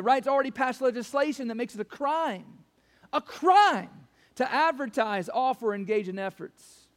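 High-voiced, gravelly preacher. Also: male voice. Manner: preaching with emphatic rises and repeated phrases. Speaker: pastor. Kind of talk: sermon.

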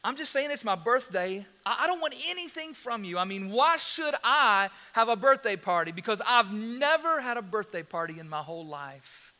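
A man voicing a lonely, hurt middle-aged woman who talks in a soft, pleading way. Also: sits high, big pitch swings, normal speed, few pauses, exaggerated voice.

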